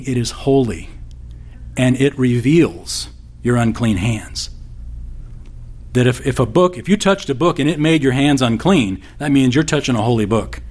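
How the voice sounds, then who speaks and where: Male pastor, sermon, chatty and folksy, corny humor, mid-range voice. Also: medium pitch. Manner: conversational, folksy with corny jokes.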